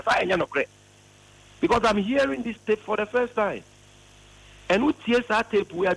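A man's voice: high voice, gravelly, fairly bright tone, husky, rough recording. A Ghanaian man arguing a political point on a radio call, emphatic and repeating words for stress. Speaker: party spokesman on a radio phone-in. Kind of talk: impassioned political argument.

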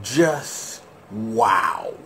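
A man hosting his own casual reaction commentary, slangy and rambling, breaking into high-pitched shouts of disbelief. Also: animated, very slow, slight background noise. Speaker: show host.

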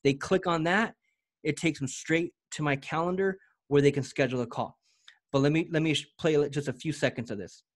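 Hyped up guy walking thru a demo, kinda high voice, lots of slang and restarts. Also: fairly quick. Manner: energetic, slangy, repeats words often. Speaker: presenter demoing software. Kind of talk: casual walkthrough chat.

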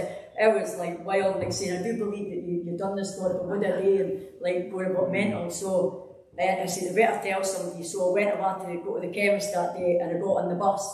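A woman's voice: on the low side, a little mellow. A Scottish woman giving a rambling, conversational church testimony, full of fillers and restarts. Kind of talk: personal testimony in a church service. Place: church hall. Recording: echoey hall, distant mic.

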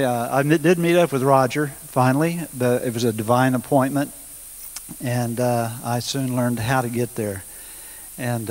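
A middle-aged man, telling his testimony at a church seminar in a folksy, hesitant way, full of pauses and chuckles. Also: medium pitch. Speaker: guest minister sharing testimony. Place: school hall. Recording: long hall reverb, hiss.

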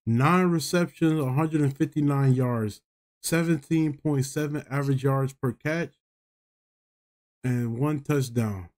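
A young man reacting to football highlights as a streamer, talking casually in heated, profane trash talk and disbelieving exclamations. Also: measured pace, darkish tone.

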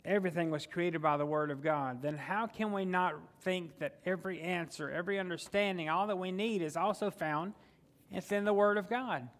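High-voiced pastor preaching. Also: male voice, normal speed, fairly bright tone. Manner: conversational preaching with call-and-response questions. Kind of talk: sermon.

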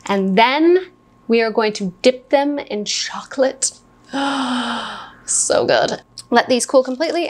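A young woman hosting her own home cooking video, talking casually through each step and chatting while she eats. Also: fairly high pitch. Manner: chatty, talks while eating.

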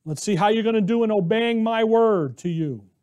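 A man's voice: sits high, moderate pace, a little mellow, clean tone, natural voice. A preacher voicing God, earnest and fatherly. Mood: encouraging. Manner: earnest, encouraging, pleading. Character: God, a kind fatherly commanding male deity.

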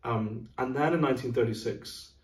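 A man's voice: mid-range voice, normal speed, distant mic. Middle-aged man, music director type, thoughtful explainer, room echo, mic a bit off. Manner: thoughtful, explanatory, sings rhythms aloud. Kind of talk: casual chat about classical music. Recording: roomy, from off mic.

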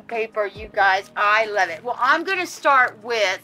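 A woman's voice: medium pitch, expressive, a little slow, sharp tone, faint music behind. A woman vlogger chatting casually outdoors while unboxing gifts, gushing and exclamatory with lots of fillers, at times teary. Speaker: vlogger running a reborn doll channel. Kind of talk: casual happy mail unboxing.

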